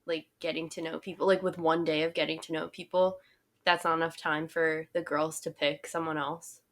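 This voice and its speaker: A woman's voice: low voice, little pitch movement, moderate pace. A young woman co-hosting a podcast, chatting casually and wryly, laughing at her own jokes. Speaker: podcast co-host. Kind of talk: casual chat recapping a reality show.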